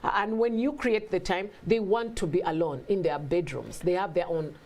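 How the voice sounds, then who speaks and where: A woman guest in a casual talk, telling stories with lively acted-out quotes and frequent laughter. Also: on the low side, moderate pace. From Africa. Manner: animated storytelling, acts out quotes, laughs often. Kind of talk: casual conversation.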